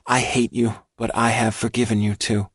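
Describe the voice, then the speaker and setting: A man's voice: mid-range voice, level tone, moderate pace, breathy edge, dry recording, studio quality, close to an everyday voice. A man voicing Lois, a serious young girl, in an audiobook reading. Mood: stern. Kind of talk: audiobook character voice.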